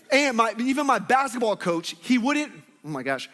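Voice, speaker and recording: High-voiced joking pastor in a hall. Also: male voice, very animated, a little fast, few pauses, bright, forceful tone. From Northwest Arkansas, United States. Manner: playful, joking with the congregation. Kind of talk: sermon. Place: church hall with congregation. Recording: long hall reverb.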